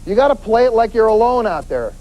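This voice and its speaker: Animated man giving a street-safety lecture. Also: sits high, fast talker, highs cut off. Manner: animated, acts out quoted voices, emphatic repetition. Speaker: police detective giving a safety talk. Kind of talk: lively crime-prevention lecture.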